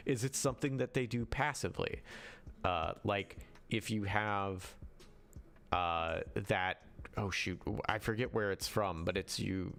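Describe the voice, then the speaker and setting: Male stream host with a low voice; loose, chatty, self-correcting delivery. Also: creaky, a bit bright, slight background noise. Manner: rambling, with frequent restarts and self-corrections; answers viewer chat as he goes. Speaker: livestream host. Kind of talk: casual livestream talk on running games.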